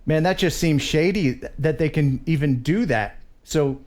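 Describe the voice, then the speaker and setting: An American man hosting a casual live-stream chat, chatty and quick to laugh. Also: on the high side, a little mellow. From USA. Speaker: host.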